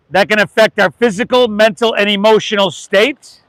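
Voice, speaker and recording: Man, American accent, yoga instructor, relaxed, encouraging, high voice, dry close sound. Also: normal speed, no room sound, rough recording. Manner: relaxed, encouraging, calls students "y'all". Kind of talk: live guided yoga class. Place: oceanfront outdoor yoga class.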